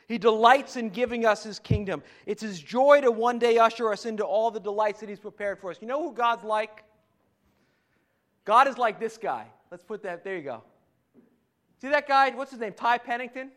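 High-voiced pastor preaching. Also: male voice, normal speed, a bit bright. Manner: conversational preaching with frequent restarts and rising emphasis. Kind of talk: sermon.

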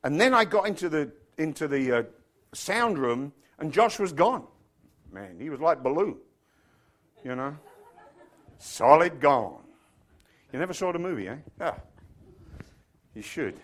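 A man's voice: fairly high pitch, very animated, moderate pace, long pauses. A middle-aged man from England with an English accent, preaching a chatty, joking sermon to his congregation. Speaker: pastor. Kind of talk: casual sermon.

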